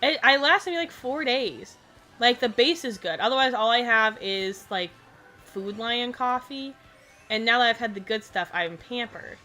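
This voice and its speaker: A woman's voice: on the high side, normal speed, pushed and bright, faint music behind. A tired young woman chatting casually while gaming, rambling through stories about her class. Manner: rambling storyteller, acts out kids' voices. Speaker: streamer and preschool teacher.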